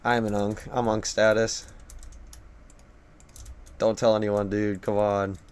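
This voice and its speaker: His voice is lowish, darkish, clear and resonant as this young man streams a game live at his computer. He speaks slowly in a level tone, rambling through casual commentary and joking at his own expense.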